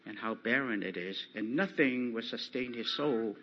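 A man preaching a sermon, slow and emphatic, rising loud when he quotes scripture. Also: medium pitch, lo-fi sound, a little hiss or hum.

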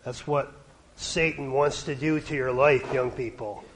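A middle-aged man from Canada preaching a sermon, his voice sometimes dropping to a hush. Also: medium pitch, steady tone, unhurried, a little hiss or hum, rough recording. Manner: varies loudness, dropping to a hush at quiet points.

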